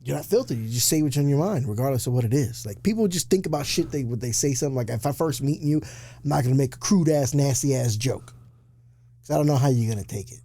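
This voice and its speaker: Blunt profane man, casual banter, dark husky voice, dry close sound. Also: medium pitch, animated, fast talker, dry recording. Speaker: podcast co-host.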